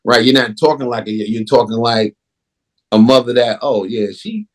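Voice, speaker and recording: A man who directs films, talking in a casual interview in an emphatic, animated way. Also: mid-range voice, normal speed. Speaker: film director.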